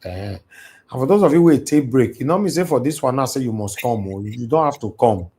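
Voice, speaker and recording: A man's voice: mid-range voice, lively intonation, fairly quick, mellow, slightly rough. A Nigerian man with a Pidgin-tinged accent hosts a live stream alone at home, preaching in a repetitive, impassioned way. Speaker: livestream host. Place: alone in a large house. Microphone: computer mic on a live stream.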